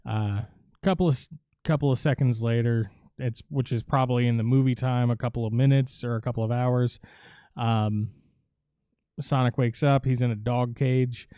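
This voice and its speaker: A man's voice: medium pitch, warm tone, clear, resonant tone, no room sound, clean studio sound. A man streaming live, giving a casual, rambling, profane film recap with lots of fillers.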